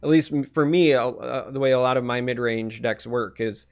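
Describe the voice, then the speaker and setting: A man's voice: mid-range voice, moderate pace. A man hosting a live-streamed podcast, talking casually about strategy and thanking chat, thinking aloud with many restarts.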